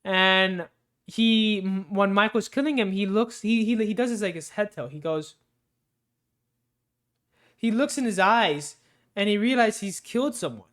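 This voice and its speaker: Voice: mid-range voice, unhurried, long pauses, fairly bright tone. A movie reviewer casually recapping a film with spoilers, rambling loosely with lots of fillers, restarts and swearing.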